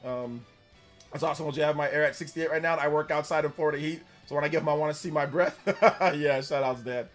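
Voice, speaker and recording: A man's voice: on the high side, fast talker, soft background music. A man in his forties from Central California, chatting casually on a live stream in a rambling, filler-heavy way. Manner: loud, laughing retelling of stories. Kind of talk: casual live-stream chat, reading donations.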